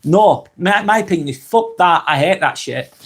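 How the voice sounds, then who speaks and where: Hosting a casual live vlog from home, a man from England with a Northern English accent talks bluntly and chattily, swearing freely and repeating his points. His high-sitting voice is animated, at normal speed.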